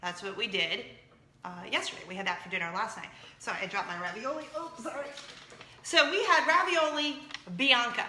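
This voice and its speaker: A woman in her thirties hosting a casual chat show, excitable and jumping from point to point. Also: a little high, fairly quick, roomy sound, slight background noise. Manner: chatty, excitable, jumps around. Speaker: show host.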